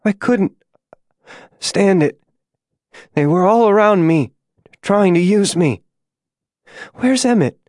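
A woman's voice: very deep voice, animated, normal speed, a little mellow. A man voicing a dying, delirious woman who mumbles and pleads weakly in an audiobook. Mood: faint, pleading. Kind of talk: audiobook character voice.

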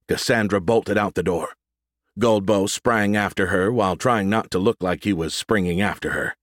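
A man narrating an audiobook in a steady, measured reading voice. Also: deep voice, dry recording, studio quality.

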